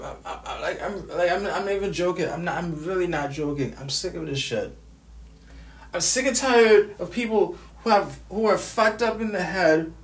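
Grieving, furious man from the US, profane vlog rant with a lively, swinging pitch and stammered restarts; echoey room sound. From United States. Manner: angry, profane, stammering repetitions. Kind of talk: angry personal vlog rant.

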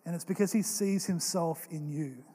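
A young man preaching a sermon as pastor, telling stories in an earnest, animated way. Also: on the high side, normal speed, breathy edge. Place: church hall. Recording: long reverb of a large hall.

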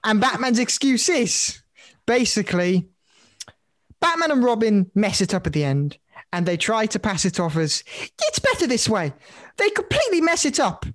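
A man's voice: high voice, big pitch swings, normal speed, a bit bright, dry recording, studio quality. A young man co-hosting a podcast, chatting casually and animatedly, laughing and swearing now and then. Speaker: podcast co-host. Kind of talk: casual chat.

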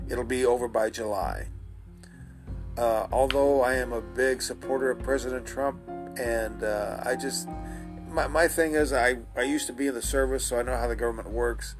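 A man talking casually on his own, meandering from point to point with lots of restarts and pauses to search for words. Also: medium pitch. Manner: meandering, chatty, frequent uh fillers and restarts. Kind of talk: casual rambling monologue.

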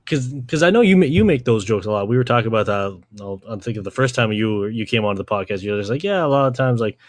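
A man's voice: fairly low pitch, expressive, fast, no echo, studio quality. A young man hosting a podcast, talking in a rambling, slangy way, swearing and saying "like" constantly. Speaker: podcast host. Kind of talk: casual podcast chat.

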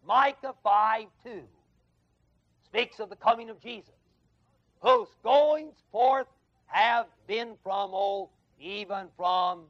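A man's voice: sits high, gravelly. A man teaching an adult Bible class in a classroom, emphatic, repeating key words and quizzing his listeners. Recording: dull lo-fi 1979 class recording.

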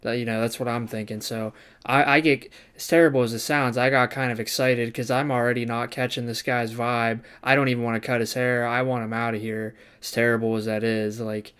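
A young man tells a story casually from his days as a barber student, acting out the people he quotes and swearing freely. His voice is smooth and clear, sitting at an everyday middle pitch. He talks in a relaxed way, like chatting to a camera. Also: brisk.

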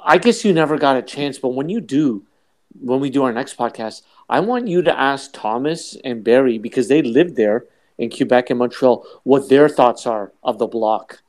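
A man's voice: mid-range voice, expressive, moderate pace, a little mellow. A man co-hosting a podcast who teases his partner with sarcastic interjections in casual banter. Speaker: podcast co-host.

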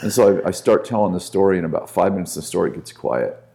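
A man's voice: low voice, expressive, fast, gravelly, mellow. A man speaking as a guest minister on a podcast, telling a story earnestly and with conviction.

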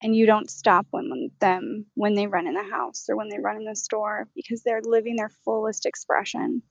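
A woman voicing a channeled spirit guide, speaking slowly and gently in a channeling session. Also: mid-range voice, gravelly, natural voice. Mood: serene. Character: calm wise female spirit guide, unhurried. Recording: dull, dry, lo-fi sound.

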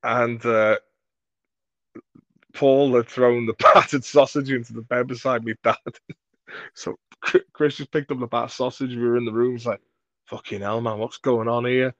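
A man from Merseyside, a comedy creator, telling rambling sweary anecdotes in a relaxed interview. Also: mid-range voice, normal speed, pauses often, no echo, dull audio. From Merseyside, England. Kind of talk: casual storytelling in an interview.

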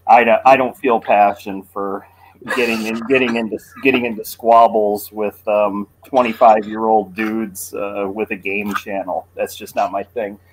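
A man with a fairly low voice speaks slowly and hesitantly, with lots of ums and restarts. His tone is relaxed and conversational. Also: noisy background. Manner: halting, hesitant, many fillers and restarts. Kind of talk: casual chat.

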